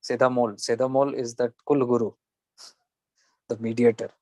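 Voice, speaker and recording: A man's voice: mid-range voice, level tone, moderate pace, dark tone, no echo, rough recording. A man giving a spiritual talk, retelling a legend and acting out the characters' lines, often restarting his sentences.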